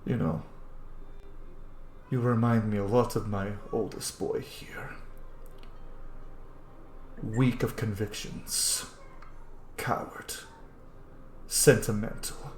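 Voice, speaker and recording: A cold, threatening old general, voiced by a man in a tabletop game. He speaks in a low, hushed murmur at a slow, deliberate pace. The voice carries a roomy echo. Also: little pitch movement, a little hiss or hum. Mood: menacing. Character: menacing older male general, cold and threatening.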